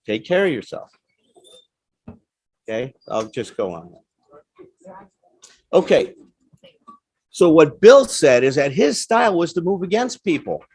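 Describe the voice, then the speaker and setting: A man's voice: fairly high pitch, big pitch swings, measured pace, long pauses, darkish tone, slightly rough, dry recording. Emphatic man lecturing, dry sound. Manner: conversational, checks in with frequent "right?" tags; plain-spoken and emphatic. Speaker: guest speaker on addiction recovery. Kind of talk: lecture to a live audience. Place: talk in front of a seated audience.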